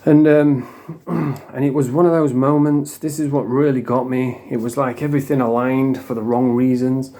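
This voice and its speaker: A man's voice: medium pitch, fairly even intonation, normal speed, dark tone. A man with a Northern English accent telling a rambling, sweary, emotional story in a casual vlog, while coming off drugs. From England. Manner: rambling, sweary and emotional, with frequent "you know what I mean". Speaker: vlogger.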